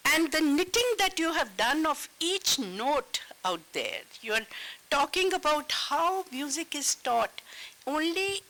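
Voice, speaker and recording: Casting note: woman moderator, high voice that rises and falls, thoughtful and probing. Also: big pitch swings, slow, fairly bright tone, low-quality recording. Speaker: interviewer. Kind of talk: festival panel conversation.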